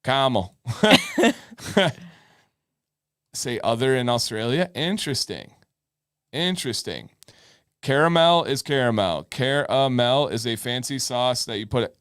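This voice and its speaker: A middle-aged man talks casually on a live advice show, joking and teasing his co-host over small points. His voice sits at an ordinary middle pitch. It is recorded dry and close, with no room sound. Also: lively intonation, slow pace, pauses often, fairly bright tone, smooth, dry recording. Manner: joking, playfully argumentative. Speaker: podcast co-host. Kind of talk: casual live-stream chat.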